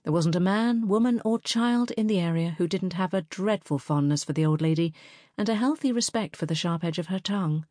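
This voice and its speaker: With a voice on the low side, a woman delivers audiobook narration at an even, measured storytelling pace. The sound is dry and studio-clean.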